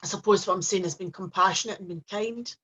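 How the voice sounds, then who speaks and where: A woman hosting her own channel, telling a personal story in a gentle, rambling way with many restarts. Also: medium pitch, fast talker, breathy edge. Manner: gentle, rambling, with frequent restarts and soft fillers. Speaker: host. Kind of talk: casual personal storytelling to camera. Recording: dull lo-fi recording.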